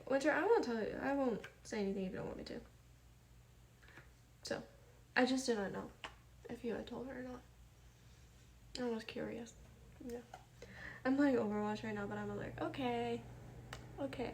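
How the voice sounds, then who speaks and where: A young woman from the American Midwest chats casually on a live stream in a soft, gentle voice that sits a little high. She greets her viewers one by one and reads their messages aloud. A faint hum of room ambience stays underneath. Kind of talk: casual chat with chat readers.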